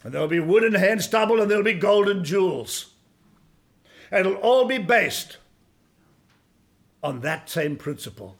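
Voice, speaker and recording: A man in his sixties preaching a sermon as pastor, folksy and emphatic, swinging from quiet asides to loud exclamations. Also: high-pitched, animated, unhurried, pauses often. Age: 60s.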